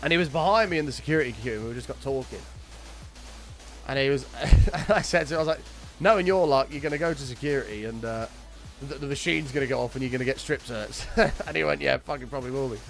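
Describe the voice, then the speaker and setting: Chatty, sweary streamer. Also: male voice, medium pitch, gravelly, faint music behind. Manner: chatty storytelling, sweary, quick to greet viewers. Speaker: game streamer. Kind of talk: casual chat with live chat while gaming.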